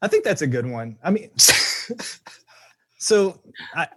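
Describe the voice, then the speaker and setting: A man's voice: on the high side, very animated, slow pace, a bit bright, no echo, clean studio sound. A man hosting a casual podcast chat, joking and often restarting his sentences. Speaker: podcast host.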